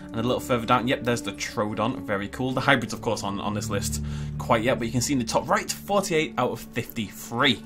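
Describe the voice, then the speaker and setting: A man giving chatty, excitable gameplay commentary and thinking aloud as he plays. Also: medium pitch, fairly quick, music in the background. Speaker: gaming YouTuber.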